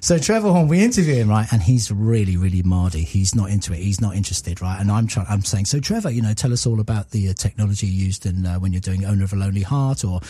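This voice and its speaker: A man's voice: lowish voice, lively intonation, fast, few pauses, warm tone, husky. Enthusiastic man telling stories. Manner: rambling, enthusiastic storyteller who acts out quotes. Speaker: podcast guest. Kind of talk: casual chat.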